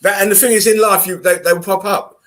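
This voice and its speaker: A man's voice: high-pitched, steady tone, fast talker, fairly bright tone. A man hosting a casual video call chat, rambling earnestly and swearing freely.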